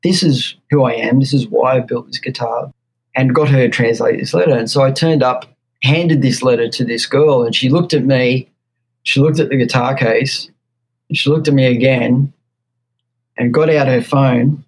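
Man, Australian accent, gravelly, storytelling guest, acts out quotes, faint background hiss. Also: mid-range voice, normal speed, low-quality recording. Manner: animated anecdote-telling with acted-out quotes. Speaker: guest luthier. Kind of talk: casual storytelling interview.

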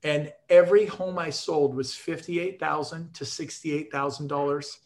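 A man's voice: a little high, measured pace. A man speaking to agents on a video call, telling his sales stories with punchy, emphatic energy and jokes. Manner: energetic, emphatic, jokey storyteller. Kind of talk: motivational talk on a video call.

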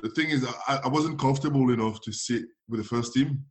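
A lively man with as his spins football stories in a casual interview. He laughs often, slips into voices for the people he quotes, and his pitch sits in an ordinary middle range. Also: fairly quick. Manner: animated, laughing often, acting out others' voices. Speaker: former footballer guest.

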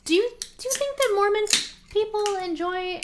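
A woman's voice: extremely high pitch, lively intonation, moderate pace, noisy background. A woman co-hosting a podcast over a video call, chatting in a blunt, teasing way. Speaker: podcast co-host. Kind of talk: casual chat.

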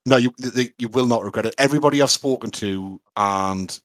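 A man's voice: medium pitch, brisk, no room sound. Enthusiastic man chatting. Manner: chatty, enthusiastic, lots of fillers. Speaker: podcast co-host. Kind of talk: casual chat.

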